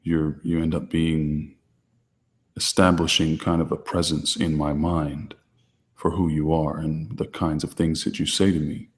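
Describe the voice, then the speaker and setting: A man hosting his channel, answering viewer questions in a calm, deliberately quiet, restrained way. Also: a bass voice, big-room sound. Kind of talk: low-key livestream chat.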